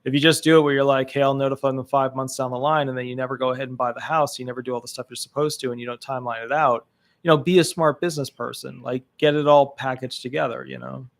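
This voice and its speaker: A man's voice: medium pitch, steady tone, fast, creaky. A man hosting a live call-in legal advice show, chatty and upbeat, with lots of fillers.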